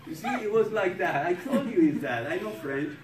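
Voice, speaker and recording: A man lecturing a programming class in a non-native English accent, joking with students in broken English. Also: sits high. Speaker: programming professor. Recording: echoey classroom from far off with noise.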